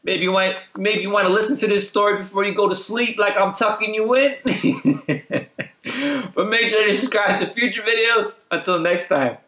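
A young man vlogger telling a casual storytime anecdote in an animated, slangy way, often laughing. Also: sits high, normal speed, reverberant.

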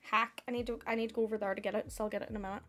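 A woman's voice: medium pitch, flat delivery, racing, a bit bright, soft background music. Chatty Northern Irish woman streamer. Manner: chatty, thanks viewers by name, says "heck". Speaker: live streamer. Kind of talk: casual live-stream chat.

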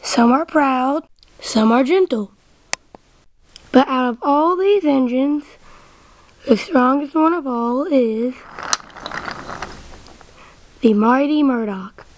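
Female storyteller, high and soft-toned, slow amateur narration with restarts. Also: expressive, a little hiss or hum, poor audio. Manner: slow, unpolished reading with restarts.

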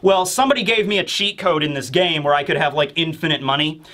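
Excitable dude recapping a comic, bright high voice, cracking jokes the whole way. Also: male voice, quick pace. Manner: animated, joking, acting out characters. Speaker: YouTube manga reviewer. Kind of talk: casual commentary.

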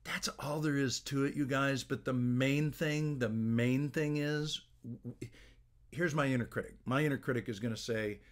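A middle-aged man, a business coach, giving casual video-making tips to camera in a relaxed, conversational way, with frequent restarts, recorded on a small plug-in phone mic in a home office. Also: medium pitch, moderate pace. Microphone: small plug-in phone microphone.

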